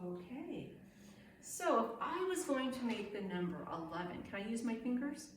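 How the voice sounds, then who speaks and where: A woman leading a children's circle-time lesson, gentle and sing-song, pausing for the children's answers. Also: fairly high pitch, big pitch swings, a little hiss or hum. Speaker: preschool teacher. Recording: very echoey room, voice from a distance.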